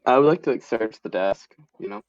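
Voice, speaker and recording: A man's voice: medium pitch, lively intonation, fairly quick, no room sound. Guy playing a tabletop game, bouncy up and down voice, short playful lines, muffled lo-fi sound. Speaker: player. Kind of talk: casual chat in a tabletop game.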